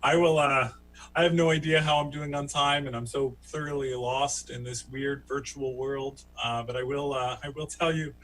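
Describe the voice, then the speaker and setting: A man doing a stand-up comedy story who laughs at his own tale and jumps into high, squeaky voices for the people he quotes. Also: level tone, normal speed, fairly bright tone, slight background noise, rough recording. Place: home, virtual show.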